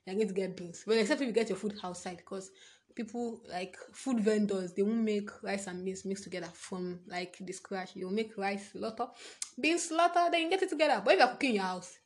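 A young woman from Nigeria with a Nigerian English accent, rambling in a casual vlog monologue, jumping between thoughts, laughing and swearing often. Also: medium pitch. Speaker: vlogger.

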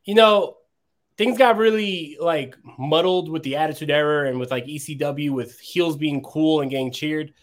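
A man's voice: a little high, moderate pace. A man in a casual talk show, explaining his views steadily with many fillers like "you know". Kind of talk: casual chat.

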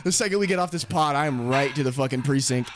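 A man's voice: medium pitch, quick pace, noisy background. A young man co-hosting a podcast, rambling and swearing in casual banter with frequent laughs. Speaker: podcast co-host.

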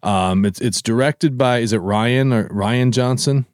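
Heard in clean studio audio with no room sound, this man co-hosts a podcast in a mid-range voice, speaking a little slowly. His casual chat is enthusiastic and rambling, packed with fillers.

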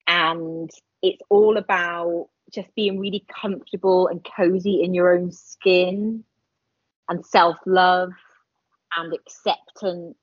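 A woman in her forties chatting casually as a podcast guest, animated and quick to laugh. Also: fairly low pitch, breathy edge, no echo. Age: 40s. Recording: dull lo-fi sound.

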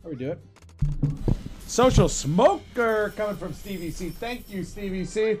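A man co-hosting a slots stream, chatting casually and shouting when excited. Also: high-pitched, measured pace, breathy edge, faint music behind. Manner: excitable, shouts at big moments.

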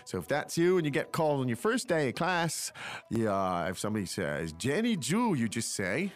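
A man hosting a casual language lesson, joking and thinking out loud. His pitch moves around in a lively way. He talks in a relaxed, unscripted manner. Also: normal speed, faint music behind. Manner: chatty, joking, thinks aloud with fillers. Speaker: language podcast host. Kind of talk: casual teaching chat.

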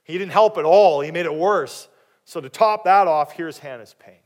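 A male pastor preaching with a somewhat high voice. He talks with animation, swings loud and high when he acts out voices from the story, then turns low and quiet to put questions to the listeners. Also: moderate pace. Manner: animated, acting out quoted voices with big swings in pitch and loudness. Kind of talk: sermon.

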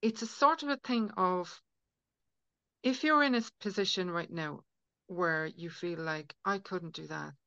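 A woman's voice: on the low side, a little slow, pushed and bright, clean tone, no room sound. A woman guest on a podcast, talking earnestly in casual conversation and acting out inner voices as she explains. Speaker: guest healer. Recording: dull lo-fi audio, dry.

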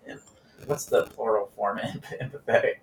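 A man's voice: fairly low pitch, fairly even intonation, fairly quick. A man hosting a podcast, chatting casually in an easygoing way. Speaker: podcast host. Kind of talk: casual chat. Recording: roomy sound with faint background noise.

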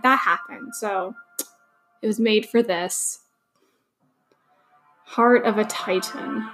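A woman's voice: medium pitch, low-quality recording. A young woman hosting a casual watch-along podcast, gushing, emotional and swearing freely. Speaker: podcast host.

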